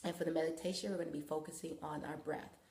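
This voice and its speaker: A woman hosting a live wellness talk and guiding yoga, coaching calmly and rambling loosely with many fillers, on a phone mic. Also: sits low, fast. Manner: calm, coaching guidance. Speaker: wellness host and yoga guide. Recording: echoey room.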